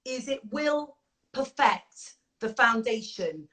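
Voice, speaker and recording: A woman with a bright, tense voice and fairly high pitch. She gushes and chats with lots of fillers while walking through a makeup routine, her sound carried over a video call. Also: expressive, slow pace, poor audio. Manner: effusive, gushing, chatty with many fillers. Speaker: makeup artist and beauty brand founder. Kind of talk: casual chat with makeup demonstration.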